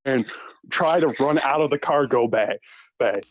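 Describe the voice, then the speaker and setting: A man's voice: mid-range voice, moderate pace, faint music behind. A man narrating a tabletop game as game master, hesitant with many fillers.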